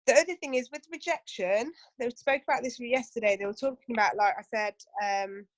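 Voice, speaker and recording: A woman's voice: on the high side, a little fast, no room sound, muffled recording. A woman running a casual training session for her team, chatty and full of asides and rhetorical questions.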